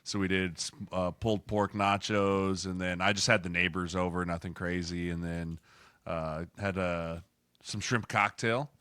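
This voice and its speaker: Casting: man, thirties, bright forceful voice, easygoing chatter. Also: sits low, unhurried, smooth, no echo. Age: 30s. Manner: laughs often, relaxed. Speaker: podcast co-host, former NFL lineman. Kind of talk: casual chat.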